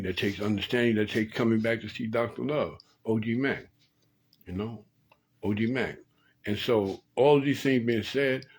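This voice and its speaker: A man's voice: on the low side, slightly rough, poor audio. A man hosting a late-night talk, giving relationship advice in a preachy way, often repeating and restarting phrases. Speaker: host.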